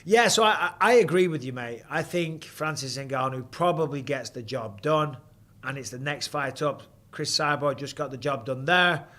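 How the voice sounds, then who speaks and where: A man's voice: mid-range voice, moderate pace, fairly bright tone. A middle-aged man hosting a live fight stream, talking in a blunt, chatty way and swearing freely. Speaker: host. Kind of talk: casual live fight commentary.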